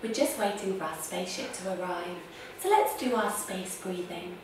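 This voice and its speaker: A woman's voice: on the low side, normal speed, background noise. A woman leading a guided story-time yoga class for children, playful, gasping and making beeping sound effects. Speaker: kids' yoga teacher. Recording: echoey room, distant mic.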